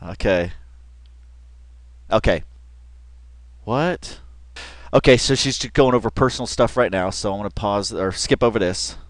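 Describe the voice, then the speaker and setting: A man's voice: fairly low pitch, measured pace, long pauses, dry recording. A man giving casual reaction commentary on a video, rambling and chatty with lots of fillers and restarts, often laughing as he talks. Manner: laughs often while talking.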